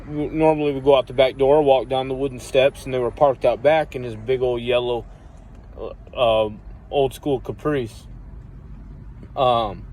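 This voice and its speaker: A man tells a personal story in an easygoing, unpolished way. He swears freely and circles back on himself, and his mid-range voice jumps up loudly whenever he acts out what someone said. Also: mid-range voice, a little hiss or hum. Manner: profane, rambling, acts out quoted voices loudly. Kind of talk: casual storytelling.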